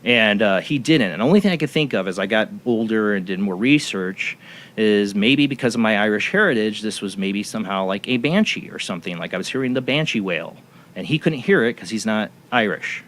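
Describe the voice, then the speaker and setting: A man's voice: on the low side, animated, a little fast, fairly bright tone. A man hosting a talk show, telling a personal story in a rambling way with many restarts. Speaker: radio show host. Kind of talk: casual radio talk show chat.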